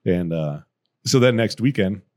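A man's voice: low voice, expressive, measured pace, a little mellow. A man co-hosting a podcast, telling rowdy stories in a casual, profane way and laughing as he goes. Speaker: podcast co-host. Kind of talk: casual storytelling.

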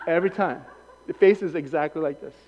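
Guy preaching, high voice, acts out little voices, rambles and corrects himself, dull muffled recording. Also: fast, in a large hall, a little hiss or hum. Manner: animated, acts out quoted voices; rambling anecdotes with self-corrections. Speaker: pastor. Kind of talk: sermon. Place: church hall.

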